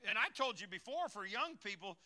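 A man's voice: sits high, big pitch swings, a little fast, pushed and bright. An older man preaching a sermon as a pastor, folksy and joking, calling out to his congregation in a church. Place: church sanctuary.

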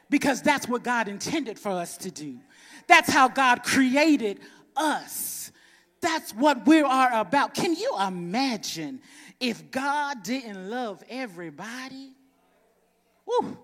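A man preaching a sermon in a church, swinging between shouted exhortation and soft chuckling asides. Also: extremely high pitch, lively intonation, slow pace. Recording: reverberant church hall.

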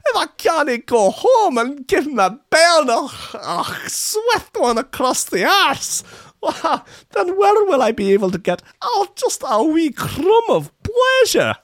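A man voicing a grumpy Scottish father who loves smacking his child, in an exaggerated, high, whining put-on Scottish accent. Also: big pitch swings, takes it slowly, fairly bright tone, no echo, clean studio sound, exaggerated voice. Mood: indignant whining. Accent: Scottish, put on badly. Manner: exaggerated, high, whiny complaining.

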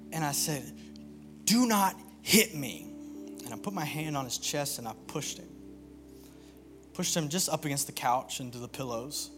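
A young man preaching and telling a personal story in an earnest, confessional way, often halting and restarting. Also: medium pitch, fairly bright tone. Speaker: worship pastor.

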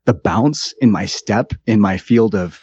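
Low-voiced man telling a story. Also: measured pace, husky, dry recording, muffled recording. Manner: animated retelling with quoted asides and laughter. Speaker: podcast guest. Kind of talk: casual storytelling.

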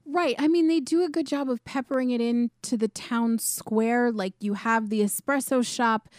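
A woman co-hosting a podcast, chatting casually about a film with quick, wry, questioning remarks. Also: a little high, fairly even intonation, dry recording, studio quality. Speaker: podcast co-host. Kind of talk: casual film-review chat.

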